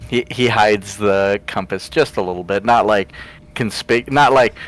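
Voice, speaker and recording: Male player, lowish voice, halting and amused while he narrates his character. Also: a crowd in the background, poor audio. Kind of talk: tabletop role-play, in character.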